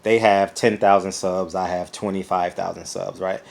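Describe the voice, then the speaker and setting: A man giving a casual opinion vlog as a YouTube commentator, animated and rambling, often repeating words as he goes. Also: sits low, moderate pace, vocal fry.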